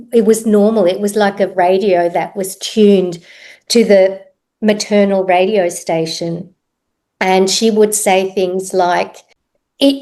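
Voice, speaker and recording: A middle-aged woman telling her own story as a podcast guest, reflective and halting, often pausing with "um". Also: medium pitch, dark tone. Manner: reflective, unhurried, pauses with ums. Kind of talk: personal story in interview.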